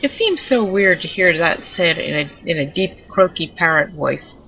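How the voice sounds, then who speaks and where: A woman's voice: lowish voice, expressive, moderate pace, gravelly, husky, highs cut off. A woman giving chatty, digressive commentary while showing off her pets in a video game. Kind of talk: casual gameplay commentary.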